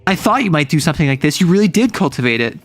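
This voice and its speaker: A man's voice: on the high side, sing-song, very fast, soft background music. A man voicing a smug, lovestruck young woman in a lifted, breathless tone while retelling a story. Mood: awed.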